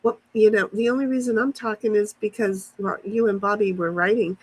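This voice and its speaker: A woman hosts a livestream from her backyard, casually rambling as she answers chat comments on her phone. Her mid-range voice is steady, fairly quick, darkish, and husky. The recording is low quality.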